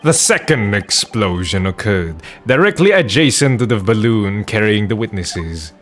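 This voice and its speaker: This is a stern video-game prosecutor who speaks in a low, formal courtroom manner with a put-on German accent. A man plays him. His delivery is measured, with the pitch rising and falling expressively. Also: lively intonation, soft background music, natural voice. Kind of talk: fan dub of a video game.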